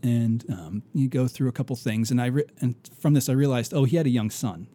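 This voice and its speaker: Mellow, earnest man telling a story. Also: medium pitch, a little fast. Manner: earnest storytelling with many restarts. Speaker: podcast co-host. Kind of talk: casual faith podcast conversation.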